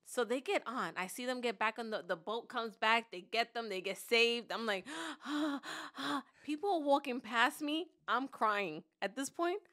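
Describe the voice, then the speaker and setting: A woman with a fairly high voice tells a story with dramatic flair on a casual podcast. She acts out the other people's voices as she goes and laughs through the tense parts. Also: animated, moderate pace, few pauses, pushed and bright. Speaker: podcast co-host. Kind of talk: animated storytelling chat.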